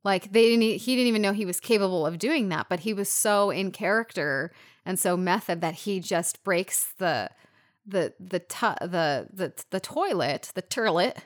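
A woman co-hosts a casual podcast about a film. She talks in an animated, loose way, swears freely and retells scenes with feeling. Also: mid-range voice, moderate pace. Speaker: podcast co-host.

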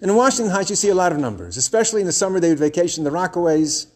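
A man in his twenties telling a story, wry and animated with dramatic pauses. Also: sits high. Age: 20s. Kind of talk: told story to an audience.

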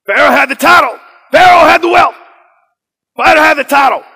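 Man acting out a fiery preacher, shouting at children, high bright voice, hammering repeats. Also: a little fast, creaky, long reverb tail, heavily acted. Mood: rousing. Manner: booming, emphatic, repeats phrases. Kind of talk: sermon.

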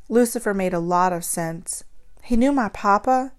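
A woman narrating a story in the first person, expressive and acting out the dialogue. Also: medium pitch, moderate pace.

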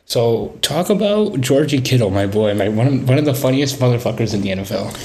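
A man's voice: mid-range voice, lively intonation, fairly quick, warm tone. A young man co-hosting a casual sports podcast, rambling and searching for words with many fillers. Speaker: podcast co-host.

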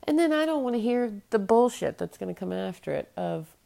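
She's a podcast host in her late thirties, alone at the mic and swearing bluntly as she airs her frustration. Her mid-range voice is very animated and brisk, gravelly yet mellow.

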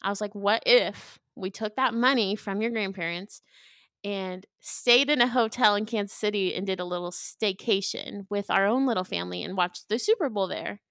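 A woman's voice: mid-range voice, moderate pace, a bit bright, no echo, studio quality. A woman co-hosting a marriage podcast, talking in a chatty, emotional way with lots of fillers. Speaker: podcast co-host. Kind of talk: casual chat.

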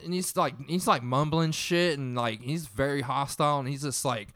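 A man's voice: mid-range voice, moderate pace, hardly any pauses, fairly bright tone, no room sound, clean studio sound. A young man casually retelling a tense story in a profane, rambling way.

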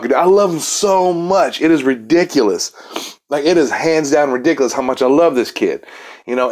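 A man talking casually and crudely on his own, swearing constantly and breaking into sudden high, indignant outbursts. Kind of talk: casual profane monologue.

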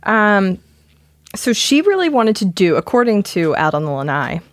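A woman's voice: mid-range voice, sing-song, moderate pace, dry recording, studio quality. A woman with a Philadelphia accent co-hosting a podcast, chatting casually with lots of fillers and laughs. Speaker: podcast co-host. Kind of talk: casual chat.

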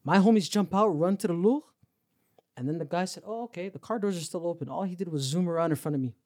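A man's voice: high-pitched, quick pace, no room sound, clean studio sound. A young man with a Toronto accent telling a story on a podcast, acting out the voices and laughing as he goes. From Canada. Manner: animated storyteller, acts out quotes, laughs often. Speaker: podcast host. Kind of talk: casual storytelling.

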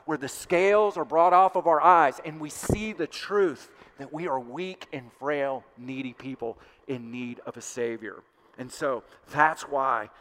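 A male pastor preaching a sermon with passion, swelling louder and then dropping to hushed asides. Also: medium pitch. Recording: long hall reverb.

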